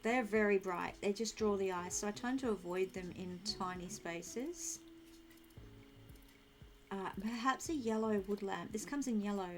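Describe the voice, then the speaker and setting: A young woman streaming a game, chatting casually and thinking aloud while she answers her chat. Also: medium pitch.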